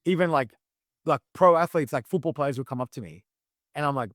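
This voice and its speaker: A man's voice: a little high, fairly quick, fairly bright tone, no echo, clean studio sound. A young Australian man, a guest on a podcast, telling stories in a loose, enthusiastic way full of fillers. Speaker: guest, competitive eater. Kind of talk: casual interview chat.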